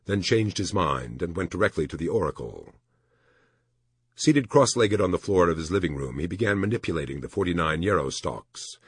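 A man narrating an audiobook in an expressive storytelling manner. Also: sits low, breathy edge, no echo, studio quality.

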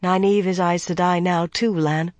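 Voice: medium pitch, steady tone, normal speed, no echo, close to an everyday voice. A narrator doing a firm young woman leader. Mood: urgent. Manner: firm, urgent.

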